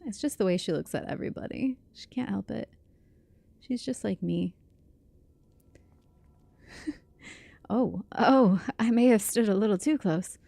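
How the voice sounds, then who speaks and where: A woman's voice: mid-range voice, a little slow, gravelly, long pauses, warm tone, no echo. A young woman streamer chatting casually and giggling as she plays a game and reacts to chat. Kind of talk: casual livestream chat while gaming.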